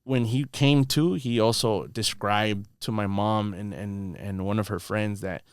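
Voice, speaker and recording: A man's voice: on the low side, steady tone, unhurried, clean tone, no echo. A man, a podcast guest in a studio, telling a rambling story in casual slang full of "dude" and "bro".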